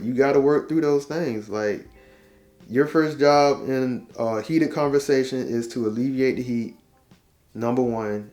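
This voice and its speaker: A man in his forties spins a casual advice story, acting out each line of dialogue and dropping in easygoing slang. His voice sits at an ordinary middle pitch. Faint guitar music plays softly underneath. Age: 40s. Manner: animated storyteller, quotes dialogue, laughs at himself; conversational, uses slang and repetition. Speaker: relationship talk host.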